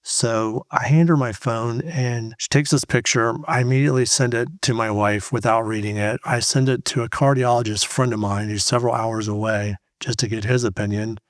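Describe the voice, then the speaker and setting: A middle-aged man recounting a personal ordeal as a testimony. He talks casually and keeps slipping into quoted bits of dialogue as he goes. His voice sits at a middle pitch and sounds dry and close to the mic. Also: steady tone, normal speed, few pauses, no echo. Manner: conversational, retells scenes by quoting himself and others. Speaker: Christian speaker sharing testimony.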